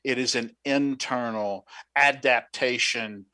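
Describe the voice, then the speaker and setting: A man's voice: mid-range voice, sharp tone, no echo. A middle-aged man from Southern West Virginia with a drawling accent, a psychologist talking casually as a guest in an interview. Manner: drawn-out vowels, laughs easily.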